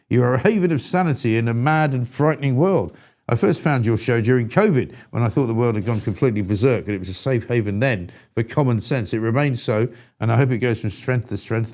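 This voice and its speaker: A man's voice: lowish voice, a little mellow. A man hosting a live talk show, speaking bluntly and with exasperation, in an irascible style. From England. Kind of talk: opinionated live show chat.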